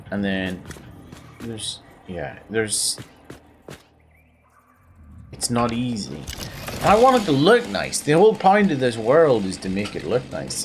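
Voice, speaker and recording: A man's voice: lowish voice, noisy background. Tired Belfast man rambling over gameplay. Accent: Northern Irish, Belfast. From Northern Ireland. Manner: rambling, self-deprecating, repeats words. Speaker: gaming video host. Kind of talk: casual gameplay commentary.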